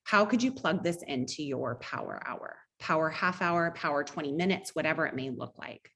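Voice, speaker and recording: Upbeat quick-talking woman coach. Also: deep voice, lively intonation, a bit bright. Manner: upbeat, quick, conversational teaching with personal stories. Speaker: sales team coach. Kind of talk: online training presentation.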